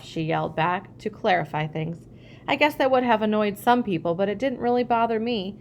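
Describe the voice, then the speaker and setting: A woman reading a childhood memoir aloud, lively when she acts out family dialogue. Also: medium pitch, normal speed, slight background noise. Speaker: reader.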